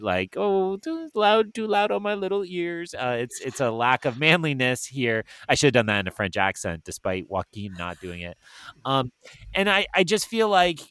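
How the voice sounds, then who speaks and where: A middle-aged man talks casually as a podcast co-host, wry and a little sarcastic, full of ums and likes. His voice sits at an ordinary pitch and sounds close and dry, with no room around it. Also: a bit bright, dry recording. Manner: wry, sarcastic, chatty with many fillers. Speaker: podcast co-host, film critic. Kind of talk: casual chat.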